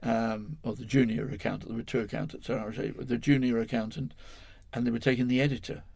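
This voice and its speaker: A man's voice: medium pitch, steady tone, fast, vocal fry, a little mellow, husky, no room sound. An older man from England, a guest in an interview, telling a long story in a rambling, self-correcting way, chuckling as he goes.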